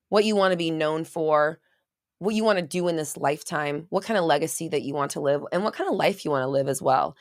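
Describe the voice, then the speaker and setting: Woman host, low voice, casual chatty live-stream rambler, dry close sound. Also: dry recording. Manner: rambling, chatty, reads viewer comments aloud.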